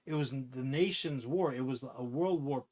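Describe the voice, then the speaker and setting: A man chatting casually on a podcast, rambling and swearing as he pitches a movie idea with acted-out quotes. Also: moderate pace. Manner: rambling, profane, animated storytelling with acted-out quotes. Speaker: podcast co-host. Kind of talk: casual comic-book podcast chat.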